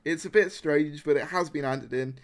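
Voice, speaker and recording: A man's voice: a little high, normal speed. A man hosting a casual podcast chat, rambling with lots of fillers and laughs. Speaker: podcast host.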